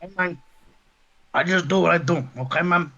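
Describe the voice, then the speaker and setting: A man playing a slick, cocky hustler with a high, easygoing drawl, tossing in "man" all the time. The sound is dull and lo-fi. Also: moderate pace, sharp tone. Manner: laid-back, tosses in "man" constantly.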